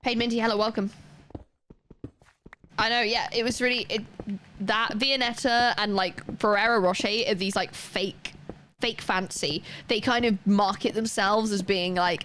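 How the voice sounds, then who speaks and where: A woman's voice: mid-range voice, steady tone, normal speed, a bit bright, a little hiss or hum. A woman from Wales with a neutral British accent, chatting casually and rambling while streaming a game. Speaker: live streamer. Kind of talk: casual chat while gaming.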